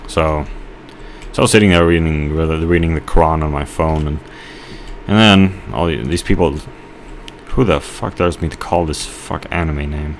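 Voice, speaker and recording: A man giving rambling let's play commentary, telling a halting story with mock outrage while he plays. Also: a bass voice, steady tone, a little hiss or hum. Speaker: gamer.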